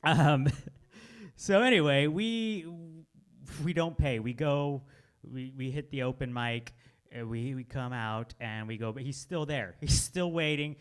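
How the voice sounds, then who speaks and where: A male comedian spins a rambling anecdote on stage, chuckling often and sinking to a low mumble when he quotes people. His pitch sits in an ordinary middle range. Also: unhurried, clean tone. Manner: laughs through his own story, drops to mutters for quotes. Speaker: stand-up comedian. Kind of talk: stand-up storytelling.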